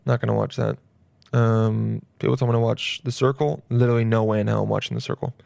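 A man's voice: lowish voice, fairly even intonation, fast, creaky, darkish tone, dry recording. A young man hosting a solo podcast, rambling loosely and jokily with plenty of swearing. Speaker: podcast host. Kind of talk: casual solo podcast chat.

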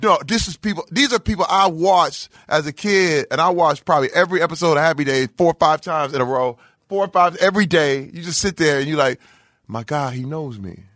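A man from Flint, Michigan, telling lively stories as a guest, often acting out what people said. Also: a little high, quick pace, hardly any pauses, no echo, studio quality. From Flint, Michigan, USA. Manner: animated, acts out quoted voices. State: emotional. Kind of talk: casual interview storytelling.

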